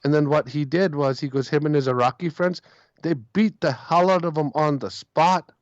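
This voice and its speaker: A man's voice: fairly high pitch, fairly even intonation, normal speed, no room sound, lo-fi sound. A man calling in to a talk show, telling a long story and repeating his words as he goes. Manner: rambling, repeats himself, quotes others. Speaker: caller.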